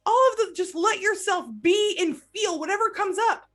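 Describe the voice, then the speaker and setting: A woman hosting a podcast, speaking as a recovery coach in a gentle, reflective monologue and asking questions for the listener to consider. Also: very high-pitched, moderate pace.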